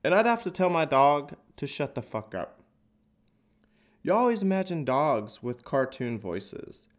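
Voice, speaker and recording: A man's voice: on the high side, sing-song, measured pace. Male comic with a cold: nasal, crude, sarcastic, swoopy delivery. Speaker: podcast host and stand-up comic. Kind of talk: stand-up bit on a podcast. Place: open office, echoey.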